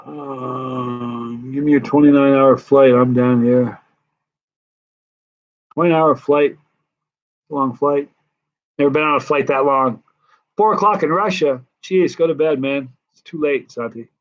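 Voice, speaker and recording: An East Coast American man with a mid-range voice hosts a hot pepper channel's casual live-stream Q&A. He talks a little slowly with long pauses, relaxed and rambling, reading out viewer comments over dull audio.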